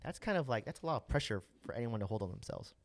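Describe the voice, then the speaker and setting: A man's voice: medium pitch, big pitch swings, very fast. A man hosting a casual podcast as a real estate agent, talking loosely with many restarts and tag questions. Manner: loose, rambling, lots of restarts and "right?".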